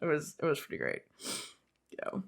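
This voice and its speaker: A woman co-hosting a podcast, chatting casually and telling animated stories with quoted voices and frequent laughter. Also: low voice, moderate pace, gravelly. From United States. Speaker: podcast co-host. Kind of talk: casual chat.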